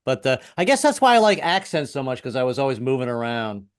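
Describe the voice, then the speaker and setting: Over a video call, a stand-up comedian in his fifties performs a self-deprecating set full of wry punchlines and stammered restarts. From the US, he has lived in various places including the South, and he speaks fast in a clear, resonant, medium-pitched voice with big pitch swings.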